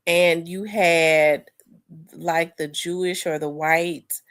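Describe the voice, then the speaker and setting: A woman's voice: fairly low pitch, level tone, slow, fairly bright tone. Congested woman chatting on a livestream. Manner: conversational, rambling with many fillers and restarts, addresses viewers as y'all. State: congested, clearing throat. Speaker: livestream host. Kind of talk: casual livestream commentary, reading chat.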